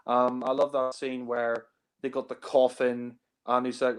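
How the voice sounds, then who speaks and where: A man of average pitch talks loosely about movies over a group call. He rambles, fills gaps with ums and you-knows, and chuckles often at his own points. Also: flat delivery, measured pace, smooth. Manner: rambling, heavy on fillers, laughs often. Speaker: film reviewer. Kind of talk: casual film discussion.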